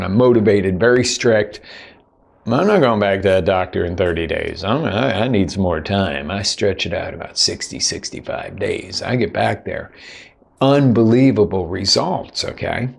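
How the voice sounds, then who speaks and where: This man, a life coach, delivers a motivational monologue built around a personal story, mimicking other people's words with sarcasm and sprinkling in plenty of "you know." He speaks at a moderate pace in a fairly low, creaky, husky voice.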